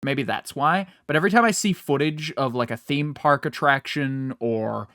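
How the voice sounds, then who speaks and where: Recorded dry with studio quality, a man of medium pitch and a somewhat bright tone chats at a moderate pace as a podcast co-host. He wanders from topic to topic, curses freely, and laughs a lot.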